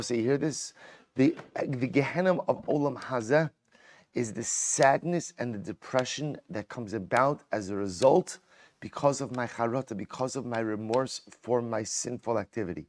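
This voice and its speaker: Animated rabbi teaching in a dry room. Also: male voice, mid-range voice, no room sound. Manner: animated, repeats words, mixes Hebrew and English. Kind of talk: Torah lecture.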